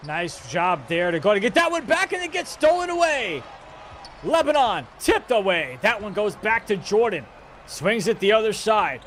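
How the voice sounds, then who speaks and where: A man calling a live esports basketball game play-by-play, energetic and jokey, rising to shouts on big plays. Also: high-pitched, moderate pace, slight background noise.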